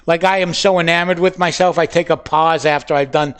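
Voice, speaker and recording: An older man hosting a comedy podcast, telling stories with comic pauses and quick asides. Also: fairly high pitch, fairly even intonation, a bit bright, clean tone. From Boston area. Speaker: host.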